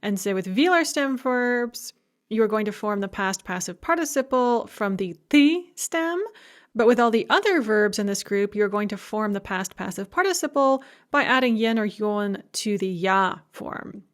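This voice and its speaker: A woman's voice: medium pitch, lively intonation, moderate pace. A woman teaching a recorded language lecture, explaining grammar methodically and carefully pronouncing example words. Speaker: Russian language instructor.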